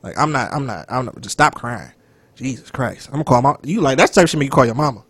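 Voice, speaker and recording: A man co-hosting a casual podcast chat, loud and animated, profane, sometimes dropping to a whisper. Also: medium pitch, fast, slightly rough, no echo. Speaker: podcast co-host.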